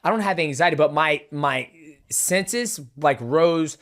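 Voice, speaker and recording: A man's voice: a little high, a little slow. A man hosting a podcast in casual chat, brash and profane, telling stories with energy. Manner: brash, profane, animated storyteller. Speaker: podcast host.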